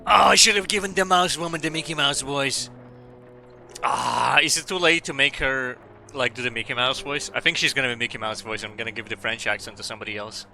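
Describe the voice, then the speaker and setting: Bright-voiced laughing game streamer man. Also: mid-range voice, brisk, vocal fry, faint music behind. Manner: rambling, laughing, swearing freely. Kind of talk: casual gaming stream commentary.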